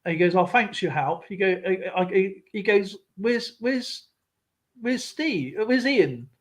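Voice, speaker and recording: A man's voice: sits high, lively intonation, a little slow. A man hosting a live stream, telling a rambling story and acting out what other people said, with laughs along the way. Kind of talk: casual storytelling chat.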